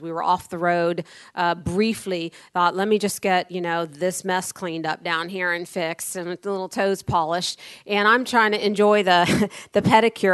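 A woman's voice: on the low side, clean tone, no echo. A woman from Tampa, Florida, preaching a sermon, a pastor telling rambling personal stories with firm, blunt dry humor. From Tampa, Florida, USA.

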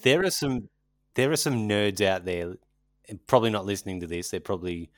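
A man's voice: fairly low pitch, brisk, no room sound, clean studio sound. A man chatting casually as a podcast co-host, rambling and joking, often trailing off mid-sentence. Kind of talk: casual chat.

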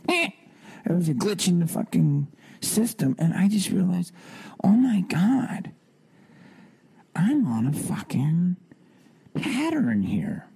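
A man in his thirties hosting a podcast, telling personal stories in an animated way, swearing freely and climbing high on rhetorical questions. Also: vocal fry, husky. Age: 30s. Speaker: podcast host. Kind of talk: personal storytelling monologue.

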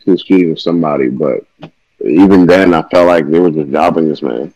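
A man's voice: a bass voice, a little fast, warm tone, no room sound, highs cut off. A young man co-hosting a casual podcast, blunt and laid-back, often laughing. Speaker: podcast co-host. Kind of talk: casual chat.

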